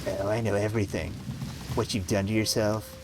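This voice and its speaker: A man's voice: on the low side, flat delivery, moderate pace, background noise, lightly acted. A man voicing a cold, furious mother who ends up screaming insults at her daughter. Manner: icy then screaming insults. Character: cold furious mother, middle-aged woman.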